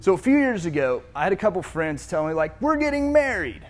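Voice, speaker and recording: A man's voice: on the high side, very animated, fast talker. A man preaching as pastor, reading scripture aloud and retelling it in casual everyday speech.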